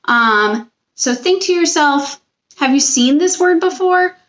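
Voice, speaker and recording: A woman's voice: high voice, lively intonation, a bit bright, a little hiss or hum. A young woman teacher giving a recorded spelling lesson to children, patient and drawing out each word. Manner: patient, slow, stretches out words.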